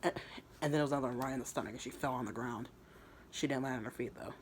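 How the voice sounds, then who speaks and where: A man's voice: mid-range voice, rapid-fire, slight background noise. A man casually retelling his own fan fiction story, rambling and crude, often stumbling and restarting his words.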